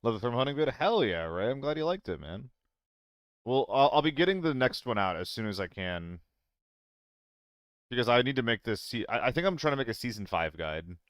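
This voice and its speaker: Young male streamer, casual and chatty, swears freely; smooth voice, dry close sound. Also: mid-range voice, sing-song, a little fast, no room sound. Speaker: game streamer. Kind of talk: casual live-stream chat.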